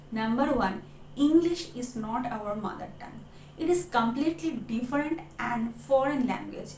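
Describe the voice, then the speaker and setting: Her voice slightly high and a bit mellow, an English-speaking coach from India, with an Indian accent, teaches a heartfelt motivational lesson. She frequently says "okay" and "my dear friends," recorded in an echoey room with faint ambience and slight background noise.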